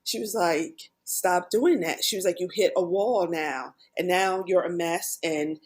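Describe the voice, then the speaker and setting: A middle-aged woman talks candidly and earnestly as a guest on a podcast. Her voice sits a little low, and she often acts out remembered conversations in quick quoted bursts.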